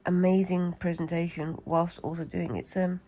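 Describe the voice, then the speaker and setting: A woman's voice: lowish voice, flat delivery, normal speed, dark tone, low-quality recording. A British woman with a cold, chatting and rambling casually as she demonstrates a craft, talking to herself while she works. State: has a cold. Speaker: craft vlogger.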